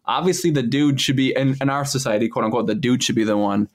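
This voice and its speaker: A man's voice: medium pitch, quick pace. A man in his thirties, co-hosting a casual chat with his wife, easygoing and supportive, often repeating words as he thinks. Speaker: podcast co-host.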